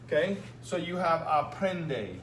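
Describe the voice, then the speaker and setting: An unhurried man with a somewhat high, slightly bright, animated voice takes Spanish students through a written exam. His explanations are patient and repeated, dotted with frequent "okay?" check-ins, in a recorded lesson from an echoey room with a faint hum.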